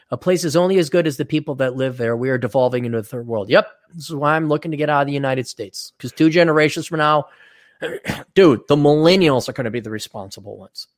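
A man with a somewhat high voice riffs bluntly and sarcastically while reading out viewer donations. He talks casually, close to the mic in a dry, deadened room. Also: no echo. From Wisconsin. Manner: blunt, sarcastic, acts out mocking quotes. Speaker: podcast co-host.

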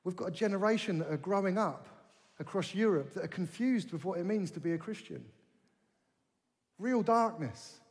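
Male preacher, high register, passionate and repetitive. Long hall reverb. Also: animated, normal speed, husky. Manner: impassioned, rising to forceful rhetorical questions; repeats phrases for emphasis. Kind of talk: sermon.

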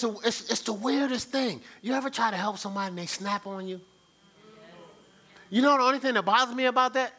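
Pastor, male, lively sermon delivery, bright, acts out scenes in voices. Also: high-pitched.

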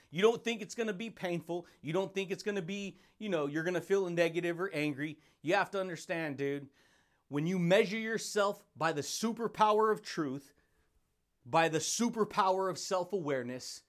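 A man hosting a podcast, giving a hyped motivational monologue full of slang, repeated catchphrases and frequent laughs. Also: high-pitched. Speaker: podcast host.

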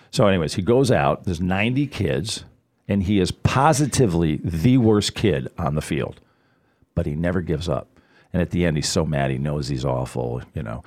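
A middle-aged man, a guest on a radio talk show, telling stories in a casual, animated way and acting out the people he quotes. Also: sits low, normal speed. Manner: animated storyteller, acts out quoted voices. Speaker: guest, financial advisor.

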